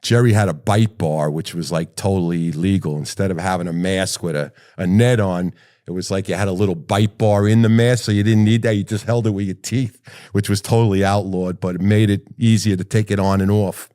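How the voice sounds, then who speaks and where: A middle-aged man with a fairly low voice recounts his firefighting years. He tells the stories with animation and a loose, profane bluntness. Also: fairly quick. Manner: animated storyteller who swears freely. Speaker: retired firefighter guest. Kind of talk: personal storytelling.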